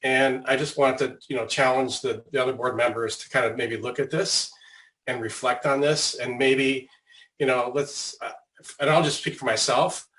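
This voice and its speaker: A man's voice: medium pitch, fairly even intonation, normal speed, a bit bright, rough recording. A man on a school board making reflective, hesitant remarks with many fillers and restarts.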